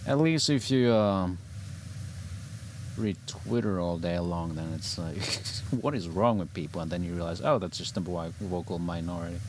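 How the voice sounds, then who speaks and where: A male streamer with a fairly low voice chats in a loose, rambling way while he plays. He swears casually and laughs easily between thoughts. A faint background hiss sits under his desk-mic sound. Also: moderate pace. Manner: laid-back, rambling, swears, laughs often. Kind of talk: casual chat while gaming.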